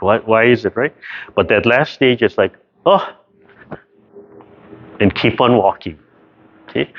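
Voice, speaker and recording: A man teaching a tai chi class over a video call, explaining carefully and checking in with "right?" after almost every point. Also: fairly low pitch. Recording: dull lo-fi video call audio.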